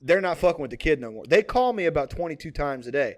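A young man in his twenties who talks in a rambling, cursing, filler-heavy way on a casual podcast. His voice sits fairly high for a man. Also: very animated, quick pace. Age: 20s. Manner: rambling, profane, many fillers. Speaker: podcast co-host.

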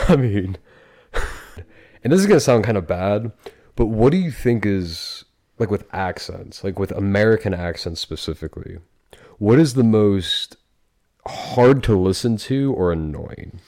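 A man's voice: lowish voice, lively intonation, measured pace, warm tone. A man co-hosting a podcast in loose, joking casual chat, laughing often. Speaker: podcast co-host.

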